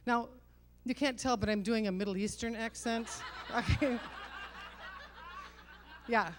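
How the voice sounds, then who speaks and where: A middle-aged woman performing a stand-up comedy set on stage, with punchy self-mocking delivery and quick rhetorical asides to the crowd. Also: a little high.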